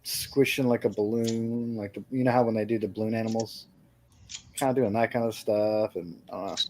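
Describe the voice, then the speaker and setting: A man's voice: on the low side, fairly even intonation, fairly quick, warm tone, slight background noise. A man co-hosting a live stream, joking in an offhand, casual way. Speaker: co-host. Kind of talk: casual chat.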